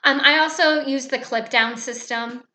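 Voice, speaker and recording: A woman teacher calmly explaining how she runs her classroom, speaking in a measured way with frequent "um"s. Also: high-pitched. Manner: calm, measured, with many fillers. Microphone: webcam. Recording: echoey room.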